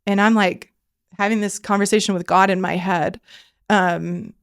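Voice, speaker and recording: A woman's voice: mid-range voice, steady tone, normal speed, clean tone. Earnest woman telling a faith story. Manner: earnest, filler-heavy storytelling, often dropping to a hushed voice for quoted prayers. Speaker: podcast guest. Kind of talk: emotional personal faith story.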